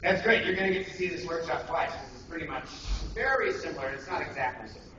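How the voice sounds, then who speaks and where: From a distance in a noisy, echoing convention room with a dull sound, a male voice actor leads an acting workshop. He rambles and jokes at his own expense, talking fast in an expressive, slightly high voice, keeping the session casual.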